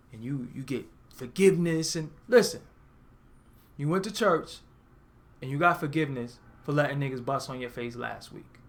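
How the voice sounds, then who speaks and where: A man from Brooklyn with a New York accent, hosting a comedic, profane rant show, blunt and animated. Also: high-pitched. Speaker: host.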